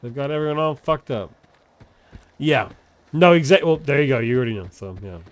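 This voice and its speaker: A man's voice: mid-range voice, expressive, a little fast, no room sound. A man live streaming while gaming, chatting casually in a rambling, profane way and often cutting himself off to restart.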